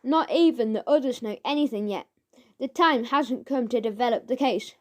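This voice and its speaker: A woman's voice: fairly high pitch, moderate pace, natural voice. A woman reading a children's audiobook, voicing a boastful, teasing schoolboy with an airy, self-important manner.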